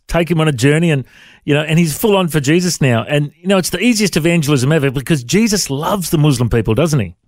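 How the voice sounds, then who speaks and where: Man, interview host, enthusiastic, dry close sound, halting restarts. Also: mid-range voice, no room sound. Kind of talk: interview chat.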